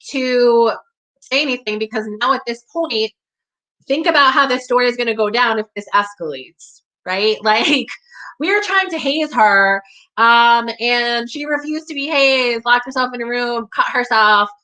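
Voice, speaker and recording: A young woman telling a personal story at a community hall, emphatic and profane, acting out her own shouted lines. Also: a little high, a little slow.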